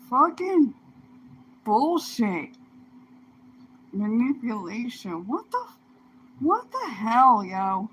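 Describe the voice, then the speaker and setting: A woman's voice: on the high side, very animated, slow pace, pauses often, fairly bright tone, husky, rough recording. A woman in a casual vlog who swears a lot, breaks into laughing fits and mock wailing, and sounds breathless from laughing.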